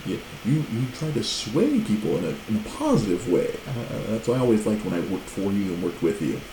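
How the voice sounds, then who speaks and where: Male streamer with a low, gravelly, animated voice, rambling story to chat, roomy sound. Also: fairly quick, noisy background. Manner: rambling, frequent restarts, laughs, lively. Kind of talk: casual storytelling to a live chat.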